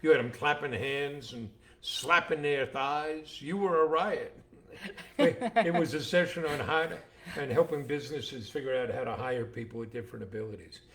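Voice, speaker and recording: An older man co-hosting a casual chat, telling jokes and stories with animated voices for the characters. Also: mid-range voice, normal speed. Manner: animated storyteller acting out voices. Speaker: co-host, father.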